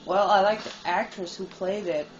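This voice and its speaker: A woman giving casual, excitable let's-play commentary while she plays, teasing and swearing. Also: mid-range voice, moderate pace, highs cut off. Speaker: gamer playing and commenting. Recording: game music playing behind.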